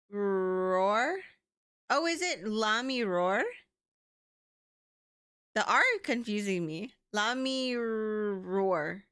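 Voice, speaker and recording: A woman's voice: fairly high pitch, fairly bright tone, no echo, studio quality. A young woman chatting playfully and giggling with her viewers while streaming a game. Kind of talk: casual livestream chat.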